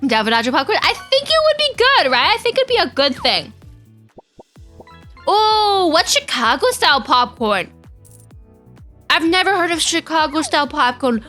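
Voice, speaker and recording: A young woman chats with viewers during a live stream, greeting people and riffing on whatever chat brings up. Her voice is high and bright, and her pitch jumps around a lot. Faint music plays under her talk. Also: very animated, moderate pace, pauses often. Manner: bubbly, chatty, reads out chat and greets viewers. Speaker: VTuber streamer.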